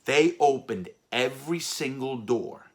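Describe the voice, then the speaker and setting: A man's voice: medium pitch, lively intonation, a little slow. A middle-aged man telling a blunt, profane story about his time in prison. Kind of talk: casual storytelling monologue.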